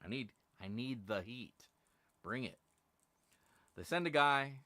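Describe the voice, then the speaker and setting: A man's voice: mid-range voice, animated, slow pace, sharp tone, no room sound. Profane, exasperated man ranting on stream. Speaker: live stream host. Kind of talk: casual ranting live stream.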